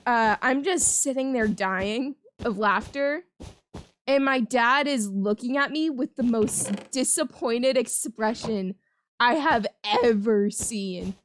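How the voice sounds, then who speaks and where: High-voiced giggly young woman storyteller. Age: young adult. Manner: giggly, laughs often mid-sentence; chatty, rambling with restarts. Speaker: gaming channel host. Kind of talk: casual storytelling over gameplay commentary.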